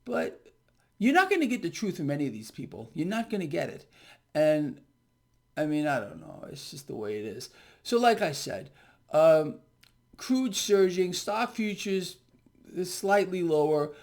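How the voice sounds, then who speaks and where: A man's voice: on the high side, sing-song, unhurried. A man hosting his own market commentary vlog, talking in an emphatic, indignant way and repeating his points.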